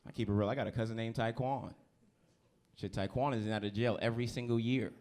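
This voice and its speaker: A man's voice: fairly low pitch, fairly even intonation, brisk, a little mellow. A man from New Jersey doing a stand-up comedy set on a club stage, talking loosely and teasing the audience. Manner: loose, conversational, teases the crowd.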